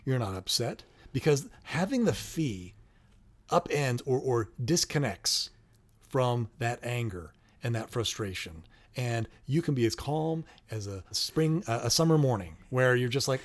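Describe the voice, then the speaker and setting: A man's voice: medium pitch, expressive, unhurried. A middle-aged man co-hosting a casual parenting talk, explaining steps one by one and acting out sample phrases. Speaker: co-host, parent.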